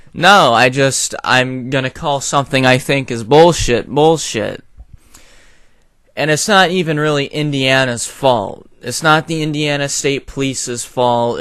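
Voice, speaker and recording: Young man, slow, deliberate opinion vlogger who swears bluntly, clean dry sound. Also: mid-range voice, fairly bright tone, clean tone, no echo. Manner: blunt, profane, frequent fillers. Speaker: video commentator. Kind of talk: opinion rant to camera.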